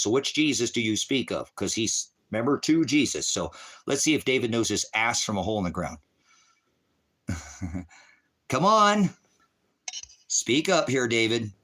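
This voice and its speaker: A man on a livestream, ranting about scripture at his chat, swearing and taunting, dropping from low mutters to high shouts. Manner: profane, taunting, mocking laughter. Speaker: livestream preacher. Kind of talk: heated livestream rant at chat.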